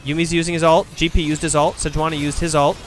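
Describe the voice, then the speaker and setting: A man's voice: fairly high pitch, flat delivery, faint music behind. Man breaking down esports plays. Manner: fast analytical breakdowns, thinks aloud. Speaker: esports caster. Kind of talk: play-by-play and analysis commentary.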